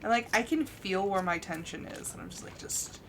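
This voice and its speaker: A young woman streamer chats casually as she plays a game, laughing often and acting out her own thoughts. Her medium-pitched, expressive voice moves briskly over a noisy background with game music playing.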